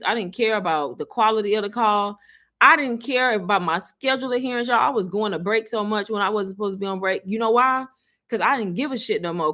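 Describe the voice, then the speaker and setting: A woman, casually telling her viewers a story, chatty and animated, often laughing. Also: mid-range voice. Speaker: online business creator.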